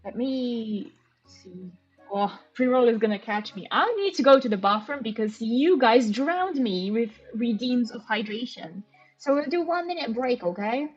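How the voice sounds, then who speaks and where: Excitable chatty woman streamer. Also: fairly high pitch, a little slow, husky. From Romania. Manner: chatty, excitable, thinking aloud with gasps of delight. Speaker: game streamer. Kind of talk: casual live-stream chat while playing. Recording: dull lo-fi stream audio with faint music.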